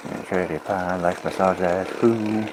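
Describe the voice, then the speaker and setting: A man's voice: sits low, steady tone, unhurried. A man livestreaming at home, massaging his dogs and talking to them in playful rhyming singsong, with coaxing commands to the pets. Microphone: phone microphone on a stream. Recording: clear background noise.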